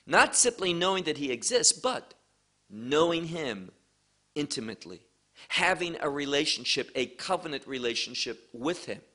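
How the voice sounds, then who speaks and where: A man teaching a verse-by-verse sermon, speaking emphatically and deliberately and stressing key words. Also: a little high, bright, forceful tone. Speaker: Bible teacher.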